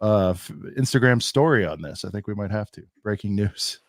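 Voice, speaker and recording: A man's voice: lowish voice, animated, a little fast, no room sound, clean studio sound. A man co-hosting a casual podcast, talking in a rambling, jokey, self-deprecating way. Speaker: podcast co-host. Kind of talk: casual chat.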